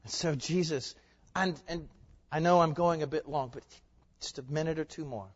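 A male pastor preaching an impassioned sermon, firing off rhetorical questions and swinging between hushed and loud passages. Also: on the high side, moderate pace. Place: church sanctuary. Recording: dull lo-fi recording with long hall reverb.

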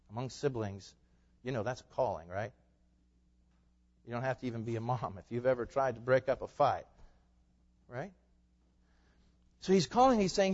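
A man preaching a sermon to a congregation, swinging from loud, emphatic peaks to quiet, low asides. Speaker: pastor. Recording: muffled sound in a reverberant hall.

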